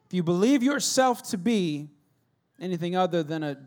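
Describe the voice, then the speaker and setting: A middle-aged man preaching a sermon as a pastor, telling stories with humor and swinging between loud and hushed delivery. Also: high voice, animated, moderate pace.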